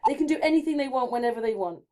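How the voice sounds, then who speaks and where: A woman with a mellow, darker tone and a slightly higher pitch chats in a rambling way. Her talk is loose and conversational. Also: animated, rapid-fire. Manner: chatty, rambling, laughs easily. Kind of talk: casual conversation.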